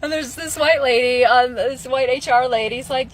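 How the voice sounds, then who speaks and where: High-voiced young woman telling a story. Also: animated, a little slow, slight background noise. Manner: giggly, lots of ums, acts out the dialogue. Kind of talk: casual storytime.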